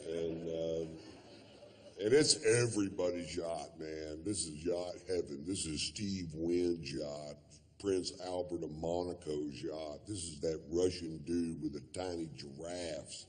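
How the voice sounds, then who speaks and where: A man's voice: sits low, steady tone, unhurried, darkish tone. A man doing stand-up comedy, telling a long story in a laid-back, profane drawl full of fillers.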